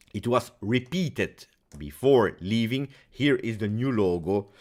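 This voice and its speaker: A man with as his hosting a casual pregame football talk, emphatic and angry, repeating phrases for stress. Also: lowish voice. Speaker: football channel host.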